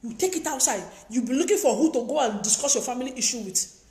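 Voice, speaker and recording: A woman's voice: high voice, animated, quick pace, a little mellow. A woman giving emphatic, preachy advice in a lecturing monologue, repeating her points. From Africa. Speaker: advice vlogger. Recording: echoey room.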